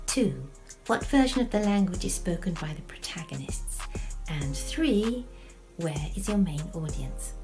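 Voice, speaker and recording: A woman with a voice on the lower side, teaching fellow authors in a calm, measured way. She asks rhetorical questions and answers them herself, with faint music underneath. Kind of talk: explanatory video lesson.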